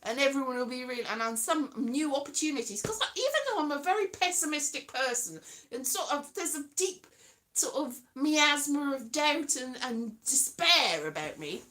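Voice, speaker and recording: High, lively self-deprecating woman. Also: normal speed. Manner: self-deprecating, chatty, slips into sing-song. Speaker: vlogger. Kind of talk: rambling casual monologue.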